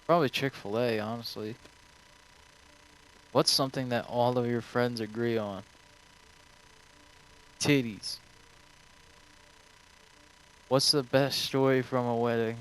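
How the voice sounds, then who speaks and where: A man's voice: mid-range voice, fairly even intonation, a little slow, long pauses, a bit bright, clean tone, poor audio. A young man streaming, answering viewer questions in a rambling, offhand way full of swearing. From United States.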